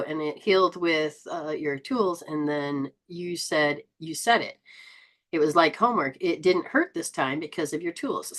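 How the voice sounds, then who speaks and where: A woman with a lowish voice hosts a spiritual coaching stream and answers viewers directly. She talks in an animated, exclamatory way, restarting her sentences as she goes. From Southern Hemisphere. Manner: animated, exclaims and laughs often. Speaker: host. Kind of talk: live-stream chat reading viewer comments.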